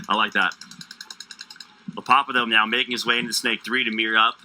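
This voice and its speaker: A man's voice: fairly low pitch, level tone, brisk, pushed and bright, slight background noise, rough recording. A man from Illinois doing live sports commentary, joking and playful, stumbling over player names. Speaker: play-by-play commentator.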